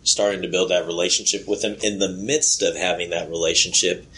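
A man speaking at a church workshop about youth ministry, earnest and a bit halting. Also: sits low, fairly even intonation, noisy background. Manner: earnest, halting, many fillers. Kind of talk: workshop talk. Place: conference room.

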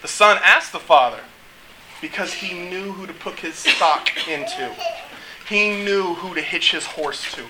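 A man preaching a casual, joking sermon, acting out quotes with lively energy. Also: sits high, a little slow, background noise. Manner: animated, joking, acts out quotes.

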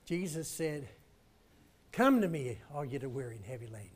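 A man's voice: medium pitch, lively intonation, brisk, slightly rough. A man preaching in a church, telling a story and calling the congregation to respond with emphatic lines. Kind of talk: storytelling sermon.

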